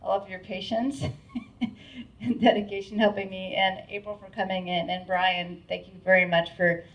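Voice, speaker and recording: A woman's voice: medium pitch, steady tone, normal speed. Heartfelt woman speaking from a distance. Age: middle-aged. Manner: heartfelt, rambling with many restarts and fillers. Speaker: board chair giving a speech. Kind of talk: emotional, grateful event speech. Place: event hall with an audience. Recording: distant, dull-sounding mic at a live event.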